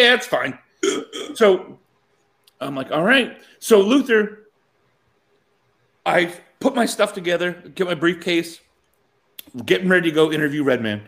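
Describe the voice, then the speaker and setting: Man, animated storyteller with a fairly high, swooping voice. Casual anecdote, quotes people, frequent laughs. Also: vocal fry.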